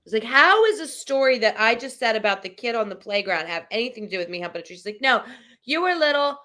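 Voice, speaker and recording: A woman's voice: a little high, expressive, quick pace, bright, forceful tone. A woman in her fifties co-hosting a casual chat, earnestly telling self-deprecating stories. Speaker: podcast co-host.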